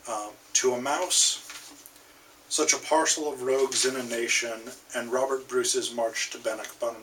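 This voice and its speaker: Bright-voiced American man lecturing. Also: mid-range voice, fairly even intonation, a little slow, far from the mic, slight background noise, rough recording. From United States. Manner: hesitant, many ums and restarts. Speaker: literature instructor. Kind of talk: casual recorded lecture.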